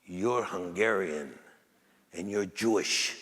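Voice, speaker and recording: A man voicing a grave, serious wise old man in his eighties, speaking slowly and solemnly in a large auditorium. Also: low voice, a bit bright, voice pushed down. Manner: slow, solemn, measured. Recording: echoey hall with faint crowd.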